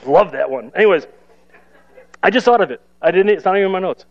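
A man's voice: high-pitched, animated, fast, muffled recording. A man pastor giving a sermon in a conversational, self-deprecating way, with playful asides. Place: church service.

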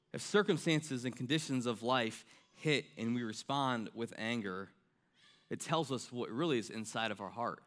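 Young guy preaching, bright crisp voice, keeps saying right? and repeating himself. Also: medium pitch. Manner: earnest preaching, repeats key lines, many fillers like "right?" and "I mean". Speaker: pastor. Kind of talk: sermon.

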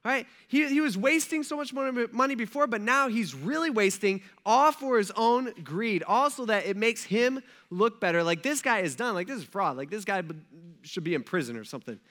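A man preaching a sermon to his church, retelling a story in a casual, slangy way with quick asides to the congregation. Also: sits high, lively intonation, fairly bright tone. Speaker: pastor.

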